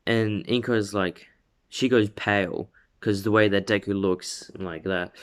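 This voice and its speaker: Slow, rambling young man. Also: fairly low pitch, fairly even intonation. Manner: rambling, many fillers and self-corrections. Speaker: storyteller. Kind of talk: casual spoken fan story. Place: his room at home.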